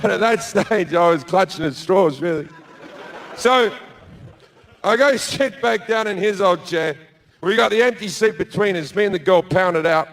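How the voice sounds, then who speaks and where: A man's voice: high-pitched, normal speed, a bit bright, slight background noise. A man with an Australian accent doing stand-up, brash and profane, acting out all the characters in his story. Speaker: stand-up comedian.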